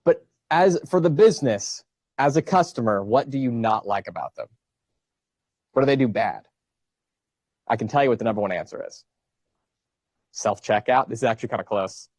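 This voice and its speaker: A man's voice: mid-range voice, lively intonation, moderate pace, pauses often, darkish tone, dry recording. A man in his thirties, a college professor giving a casual lecture, joking and asking his students questions. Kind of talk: classroom lecture with student banter. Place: classroom.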